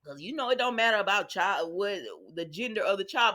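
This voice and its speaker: A woman's voice: mid-range voice, expressive, a little fast, bright, forceful tone. A woman hosting a casual soap opera recap, talking straight to her viewers in a chatty, sassy way.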